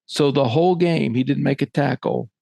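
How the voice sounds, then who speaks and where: A man, a former middle school football coach, telling a lively story in casual podcast talk and acting out the voices he quotes. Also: medium pitch, normal speed, creaky, no room sound.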